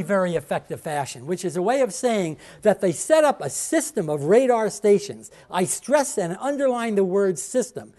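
A man delivers a history lecture to a class in a halting, emphatic way. He stumbles through fillers and restarts, then repeats his key points for emphasis. He points to slides and checks in with his listeners as he goes. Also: high-pitched, a little mellow.

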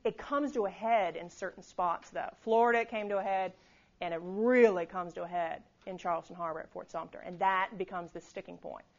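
A woman's voice: lowish voice, fairly quick. A woman giving a conversational history lecture in a classroom, often checking in with the students. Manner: conversational, keeps checking in with "okay?". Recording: slightly dull lo-fi recording.

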